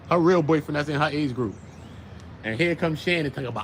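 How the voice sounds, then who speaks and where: A young man from Brooklyn with a New York accent, hosting a casual commentary show in an animated, slangy, riffing way. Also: a little high, fast talker, a little hiss or hum. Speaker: show host.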